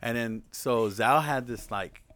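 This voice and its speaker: A man's voice: mid-range voice, measured pace, fairly bright tone, slight background noise. Male podcast co-host, rambling storyteller, swears freely, laughs mid-story. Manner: rambling, profane, laughs through the story, acts out quotes. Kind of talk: casual storytelling chat.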